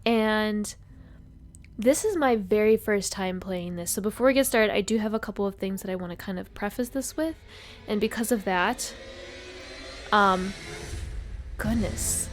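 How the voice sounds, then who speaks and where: Woman streamer chatting into her desk mic at home, friendly, laughs at herself a bit. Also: medium pitch. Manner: chatty, friendly, self-deprecating, with fillers and small laughs. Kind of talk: casual livestream chat. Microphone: desk microphone.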